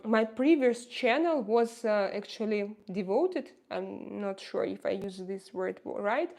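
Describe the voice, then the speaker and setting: Russian-accented woman hosting a casual livestream, halting and searching for words. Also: mid-range voice, darkish tone. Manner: hesitant, searching for words with many fillers. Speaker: livestream host reading viewer chat.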